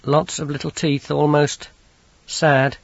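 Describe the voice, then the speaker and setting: A man's voice: a little high, little pitch movement, slow, gravelly, slightly rough, no echo, lo-fi sound, pitched above the performer's own voice, exaggerated voice. A man voicing a stern, weary young woman in an audiobook, clipped and wry. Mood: uneasy. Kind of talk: audiobook character voice.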